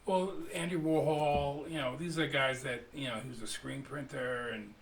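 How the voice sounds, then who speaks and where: A man with a gravelly, fry-laden voice talks casually as a radio guest, wandering through his answers with plenty of fillers. He sounds set back from the microphone in an echoey room, with a faint hum behind him. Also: medium pitch, normal speed. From United States. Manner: rambling, lots of fillers, animated when telling stories. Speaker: street artist guest. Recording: roomy, distant mic, faint hum.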